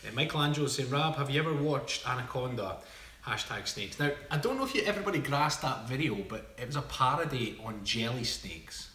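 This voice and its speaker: A man's voice: medium pitch, lively intonation, fairly quick, pushed and bright, echoey room. A Scottish man co-hosting a fitness channel's live Q&A, reading out viewer comments and joking with a laugh. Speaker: fitness coach co-host.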